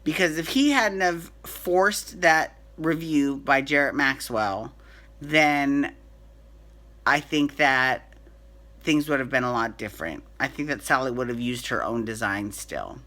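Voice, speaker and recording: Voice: medium pitch, measured pace, bright, forceful tone. A soap opera recap host giving a chatty, opinionated rundown, with frequent restarts and fillers. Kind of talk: casual chat.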